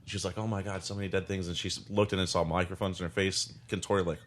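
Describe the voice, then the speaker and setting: A man's voice: deep voice, level tone, fast, slight background noise. A man co-hosting a podcast, making blunt, wisecracking remarks in casual chat. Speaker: podcast co-host.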